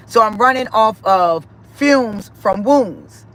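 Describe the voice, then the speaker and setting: A woman's voice: mid-range voice, lively intonation, slow, fairly bright tone, rough recording. Emphatic woman giving testimony. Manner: emphatic, repetitive, emotional storytelling. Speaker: spiritual speaker. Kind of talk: personal testimony.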